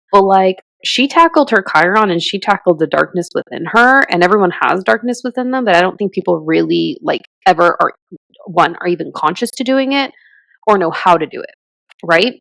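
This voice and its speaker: A woman's voice: fairly low pitch, gravelly, no echo. A woman in her thirties co-hosting a podcast, talking in a rambling, reflective way full of fillers. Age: 30s. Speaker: podcast co-host. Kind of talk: casual chat.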